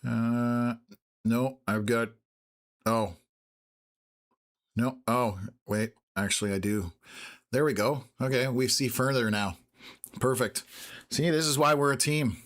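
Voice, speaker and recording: This weather stream host, a man in his fifties from Canada, comments on storms live at a slow pace with long pauses. His mid-range, fairly bright voice wanders from subject to subject, full of ums and ahs.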